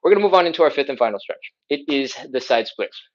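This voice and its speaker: A man's voice: mid-range voice, animated, quick pace, muffled recording. Upbeat man leading a live stretch class. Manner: upbeat, chatty, playful exclamations. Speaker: stretching instructor. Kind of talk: live follow-along workout instruction.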